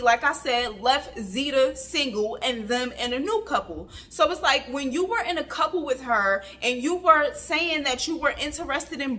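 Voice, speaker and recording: A woman's voice: high-pitched, a bit bright. A woman giving a casual vlog review of a reality TV episode, chatty and emphatic, with lots of filler words.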